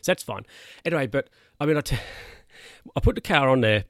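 A man's voice: mid-range voice, animated, fairly quick, no echo. Man, podcast host; chatty, rambling solo monologue, dry close recording. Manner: rambling, self-correcting, chatty.

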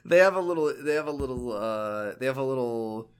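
A man co-hosting a casual chat, recapping a video game with excited, gushing enthusiasm and frequent stammered restarts. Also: medium pitch, a little fast, clear, resonant tone. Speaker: podcast co-host.

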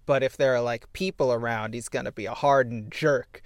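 A man's voice: medium pitch, fairly even intonation, a little fast, dry recording. A man co-hosting a podcast in casual, joking chat, rambling and restarting his phrases. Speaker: podcast co-host.

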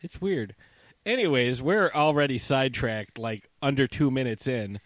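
Man, podcast host, joking banter, mid-pitched voice, dry close mic. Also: normal speed, no room sound. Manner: jokey, teasing banter. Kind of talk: casual podcast chat.

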